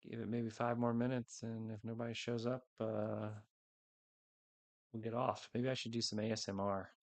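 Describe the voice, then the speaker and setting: Low gravelly man chatting on a stream. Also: little pitch movement, moderate pace. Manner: rambling, unsure, talks to viewers. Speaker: livestream host. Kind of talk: casual livestream chat. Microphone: headset microphone.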